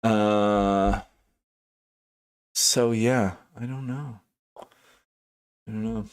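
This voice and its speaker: Speaking extremely slowly in a clean, lowish voice with fairly even intonation, a man runs a live day trading stream. He muses over charts with hesitation, many fillers, restarts and self-corrections, greeting chat viewers by name as he gives casual market commentary.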